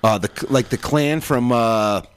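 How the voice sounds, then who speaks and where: A man's voice: medium pitch, measured pace, smooth. Rambling male podcast host. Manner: rambling, many fillers and restarts. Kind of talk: casual chat.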